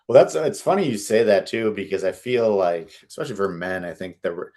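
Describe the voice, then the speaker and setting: Male podcast host in his 30s, lowish voice, chatty and rambling. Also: fairly quick, a little mellow. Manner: chatty, rambling, lots of fillers. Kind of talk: casual interview talk.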